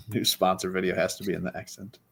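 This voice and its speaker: A man's voice: sits low, flat delivery, normal speed, gravelly, bright, forceful tone, husky. A man co-hosting a live chat show, playful and teasing, laughing often. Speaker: co-host and tech producer. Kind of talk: casual livestream banter.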